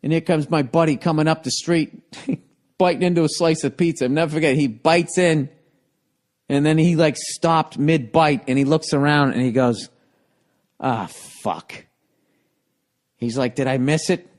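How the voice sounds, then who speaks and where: A man telling a comic story on a talk show, profane and animated, swinging between loud bursts and quiet asides. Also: fairly high pitch, moderate pace. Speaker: comedian guest. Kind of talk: comedic storytelling.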